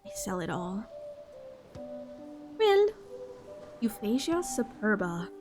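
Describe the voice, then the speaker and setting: Woman streamer, high voice, bubbly and gaspy, chatty and repetitive; faint music bed. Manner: bubbly, gasping, repeats herself playfully. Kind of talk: casual gaming stream chatter.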